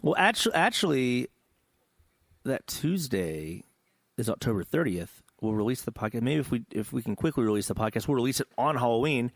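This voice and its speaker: A young man co-hosting a gaming podcast in casual banter, loud, teasing and swearing freely. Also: medium pitch, animated, fairly quick, no room sound, clean studio sound. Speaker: podcast co-host.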